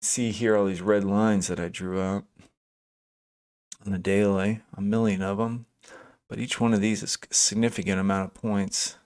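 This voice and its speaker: Here a man with a smooth, slightly mellow, fairly low voice talks at a moderate pace and a level tone. Hosting a live day trading stream, he offers casual market commentary, thinking aloud over charts with frequent fillers, restarts and self-corrections, and says hello to chat viewers by name.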